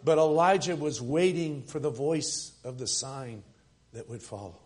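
A man preaching a sermon as pastor at a church service, swinging from loud emphatic lines to soft, hushed ones. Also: mid-range voice, measured pace.

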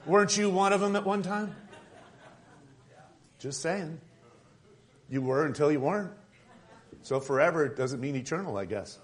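Guy preaching casually, cracking jokes, voice sits a bit high for a man. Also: expressive, moderate pace, long pauses. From Tucson, Arizona. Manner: conversational, joking asides. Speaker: pastor. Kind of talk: sermon.

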